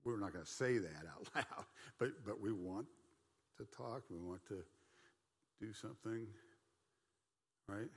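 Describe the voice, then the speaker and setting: A middle-aged man with a lowish voice leads a Bible study in a relaxed, folksy way. He talks conversationally, tossing in asides and playful mock voices. His voice carries a long hall reverb. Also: a little slow, long pauses, husky.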